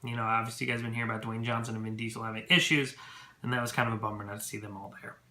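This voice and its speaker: A man recapping an event to camera in a casual vlog, chatty and excitable with many fillers. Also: on the low side, rapid-fire. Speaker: movie vlogger. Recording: echoey room.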